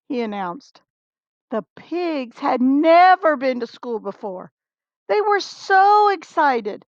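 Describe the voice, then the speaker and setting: A woman reads a children's picture book aloud in a slightly high voice, slow and deliberate. She is expressive and stops to talk with her young listeners. The sound is dry and a little dull and lo-fi. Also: dry recording. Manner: expressive, talks to young listeners between pages. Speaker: storybook reader. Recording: dull lo-fi recording.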